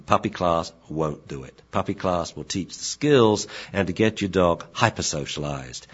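A man explaining puppy training in an instructional talk, lively and acting out what he says to the dogs. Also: low voice, husky. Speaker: dog trainer. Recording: dull lo-fi recording.

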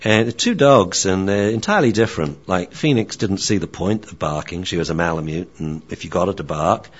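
A man's voice: low voice, a little fast, breathy edge, lo-fi sound. Chatty, joking dog trainer, man. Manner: chatty, joking, many fillers and restarts. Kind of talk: casual talk.

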